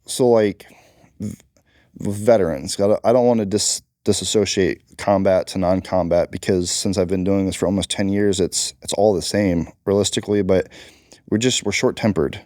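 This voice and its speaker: A man's voice: sits low, steady tone, normal speed, a little mellow, no echo, studio quality. A man who is a Marine combat veteran, talking bluntly and emphatically as an interview guest. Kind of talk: candid interview talk.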